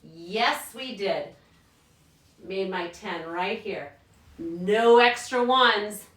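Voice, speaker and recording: Bright, upbeat woman teacher in an echoey room. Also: mid-range voice, extremely slow. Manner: upbeat, encouraging, addresses kids as friends. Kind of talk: recorded math lesson for students at home. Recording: echoey room, mic at a distance.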